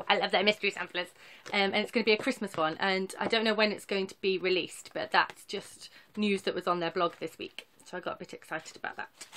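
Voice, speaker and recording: A woman's voice: medium pitch, fairly bright tone. Chatty, rambling woman vlogger. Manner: rambling, chatty, self-deprecating. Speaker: cross-stitch vlogger. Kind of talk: casual chatty show-and-tell.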